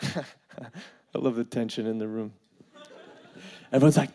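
A man telling a funny personal story in an animated way, full of fillers and laughing as he goes. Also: on the high side, a little slow, long pauses. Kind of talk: comedic storytelling.

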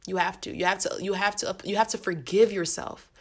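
A woman's voice: mid-range voice, steady tone, a little fast, husky. A woman hosting a faith-based podcast in casual, earnest talk, using slang, repeating herself and speaking straight to her listeners. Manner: earnest, repetitive, slangy, addresses listeners directly. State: getting emotional. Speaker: podcast host.

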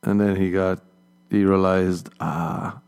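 A man's voice: fairly low pitch, steady tone, normal speed, a little mellow. A man telling stories as a comedian and podcast host in a casual monologue. He swears freely, laughs at his own jokes and acts out other people's voices.

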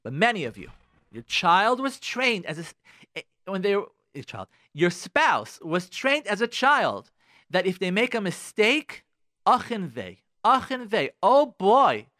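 A man's voice: high-pitched, sing-song, a little slow, sharp tone, no room sound, studio quality. A middle-aged man hosting a radio talk show, giving insistent advice and repeating his points straight to the listeners. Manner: insistent, repeats phrases, addresses listeners directly. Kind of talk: emphatic advice monologue.

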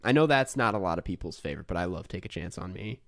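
Guy cohosting a chill podcast, kinda low voice but bouncy, all over the place pitch-wise. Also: lively intonation, fast, dry recording, clean studio sound. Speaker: podcast co-host. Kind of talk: casual chat.

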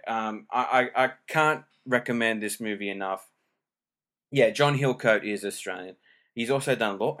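A man's voice: medium pitch, a bit bright. A man hosting his own podcast, giving a casual solo movie review chat in a rambling, self-deprecating way and often restarting his sentences. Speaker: podcast host. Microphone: home recording.

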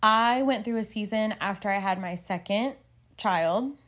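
A woman in her thirties co-hosts a casual faith podcast, speaking earnestly and at length. She rambles emotionally, with lots of "like" fillers. Her voice is medium-pitched and fairly bright, at a measured pace.

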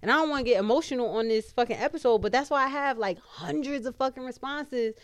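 Woman podcast host going off, cussing a lot, kinda high voice, dry sound. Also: fast talker, no room sound. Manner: blunt, profane, emphatic ranting. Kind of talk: casual podcast chat.

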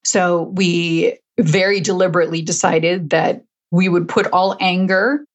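Lowish-voiced woman telling her story. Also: fairly even intonation, unhurried. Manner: frequent restarts, emotional at moments. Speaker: interview guest. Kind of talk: conversational storytelling.

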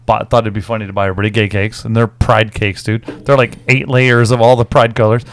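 A man's voice: lowish voice, level tone, quick pace, slight background noise. A man who is a guest on a podcast, joking in casual, profane banter. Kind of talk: casual chat.

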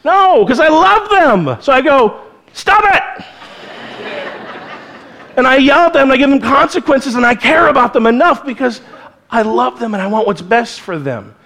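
A man with a notably high, light voice delivers a sermon in church. He preaches in an earnest, conversational way, moving between scripture and personal asides. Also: lively intonation, moderate pace, gravelly, fairly bright tone. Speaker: pastor.

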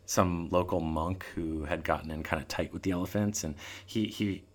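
Guy with a really low voice telling a travel story, animated, laughing a lot. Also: moderate pace. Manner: animated, laughing, acts out quoted lines. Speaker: guest storyteller. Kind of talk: casual storytelling chat.

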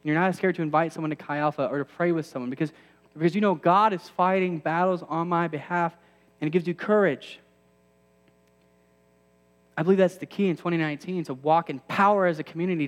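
Preaching a sermon to a campus ministry, a man in his thirties keeps things conversational, letting self-deprecating asides rise to emphatic high points. His slightly high voice moves at a quick pace, and the sound suggests a big room.

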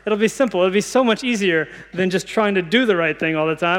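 A man's voice: high-pitched, a little fast, fairly bright tone, long reverb tail. A man in his thirties preaching a sermon, earnest and conversational, often restarting his sentences.

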